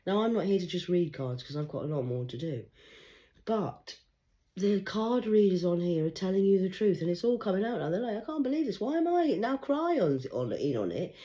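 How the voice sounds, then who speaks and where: A woman's voice: lowish voice, expressive, normal speed. Intense rambling Englishwoman reading tarot. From England. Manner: intense, rambling, swinging between loud urgency and hushed murmurs. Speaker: tarot card reader. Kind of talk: rambling livestream monologue.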